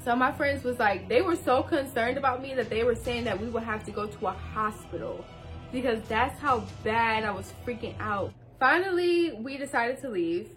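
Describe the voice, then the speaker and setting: A woman's voice: a little high, moderate pace, fairly bright tone, soft background music. A young woman telling a casual storytime, slangy and talking straight to viewers. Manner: slangy, addresses viewers directly.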